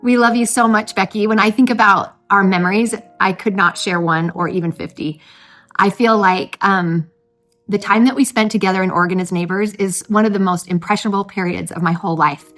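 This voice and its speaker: A woman records an earnest, nostalgic birthday message for an old friend and speaks with steady warmth. Faint music plays behind her. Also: medium pitch, a little fast, rough recording. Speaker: friend giving a birthday tribute.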